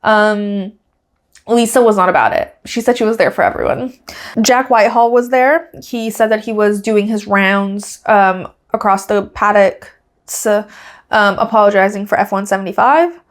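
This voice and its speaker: A woman's voice: mid-range voice, moderate pace. A woman hosting her podcast, recapping a race weekend in casual, giggly chat and acting out quotes in raised voices. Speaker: podcast host.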